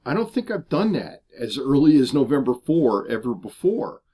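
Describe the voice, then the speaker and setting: A man's voice: medium pitch, big pitch swings, moderate pace, dark tone, husky. A middle-aged man vlogging casually about his RV travels, chatty and explanatory with frequent fillers. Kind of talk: casual vlog talk to camera. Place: RV park outdoors.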